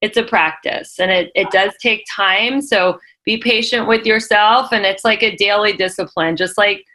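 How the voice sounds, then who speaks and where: A woman hosting a podcast, speaking in a bright voice. She affirms her guest and gently encourages her listeners. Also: mid-range voice, moderate pace. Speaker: podcast host. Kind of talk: interview chat.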